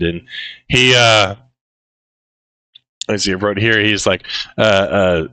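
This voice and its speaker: Man, fairly low voice, bright forceful tone, dry close sound, casual film recap. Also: steady tone, slow pace, long pauses, smooth, no echo, rough recording. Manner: laid-back, many fillers, quotes characters in raised voice. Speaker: podcast co-host.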